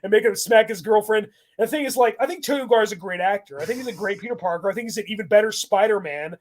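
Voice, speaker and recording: A high-pitched man talks in a loose, rambling way on a casual podcast. He gets animated, breaks into laughter often, and piles up restarts as he rants about scenes he dislikes. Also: racing. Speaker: podcast host.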